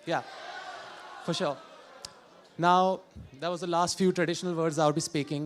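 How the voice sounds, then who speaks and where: Young Indian man, Indian English accent, slightly high voice, playful stage banter into a handheld mic. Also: fairly even intonation, normal speed, a little hiss or hum. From Jammu and Kashmir, India. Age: young adult. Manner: playful, chatty, jokes with audience. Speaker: college student performer. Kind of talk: stage act doing accent impressions.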